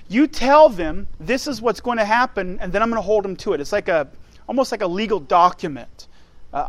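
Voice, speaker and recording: High-voiced guy preaching a sermon, really emphatic, dry sound. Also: fairly bright tone, dry recording, poor audio. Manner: emphatic, rising in pitch and force when pressing a point.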